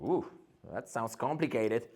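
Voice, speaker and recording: A man's voice: mid-range voice, measured pace, a little mellow, voice pushed down, close to an everyday voice. A man voicing a confused young student who asks the teacher questions in a puzzled tone.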